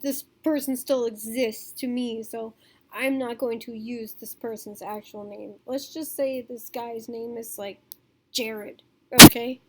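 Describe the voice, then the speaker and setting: A woman's voice: fairly high pitch, fairly even intonation, unhurried, bright, forceful tone. A young woman telling a storytime vlog to camera in a rambling, casual way, full of fillers, swearing and laughter. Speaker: vlogger.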